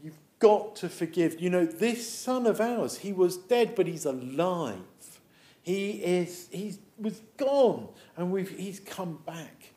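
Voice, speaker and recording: A man's voice: sits high, lively intonation, takes it slowly, roomy sound. A man voicing a joyful, forgiving older farmer father who calls out exuberantly. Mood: gentle. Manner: exuberant, calling out loudly.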